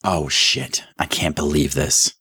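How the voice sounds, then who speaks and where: A man's voice: extremely low pitch, steady tone, slow pace, pushed and bright, breathy edge, dry recording, studio quality, exaggerated voice. A man voicing a blunt, impatient male investigator boss.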